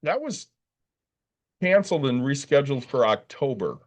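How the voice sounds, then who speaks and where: A podcast co-host with a mid-range voice talks at normal speed. Worn out after a short night, he still tells a long, swear-filled story with animation, acting out the dialogue of others in a casual chat.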